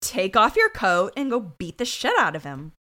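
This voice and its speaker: A woman's voice: mid-range voice, huge pitch swings, normal speed, pushed and bright. A woman co-hosting a casual podcast, bantering bluntly. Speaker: podcast co-host. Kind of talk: casual recap chat.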